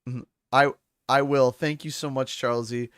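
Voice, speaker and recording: A man's voice: mid-range voice, fairly even intonation, moderate pace, fairly bright tone, smooth, no room sound, studio quality. A man from Canada with a Canadian accent, chatting casually on a game livestream, laughing often and thanking donors by name. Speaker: streamer.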